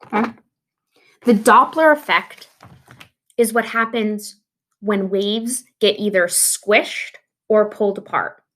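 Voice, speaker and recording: A woman's voice: mid-range voice, takes it slowly, long pauses, a bit bright. Chatty woman teacher explaining science. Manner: chatty, explaining with restarts and fillers. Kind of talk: recorded science lesson.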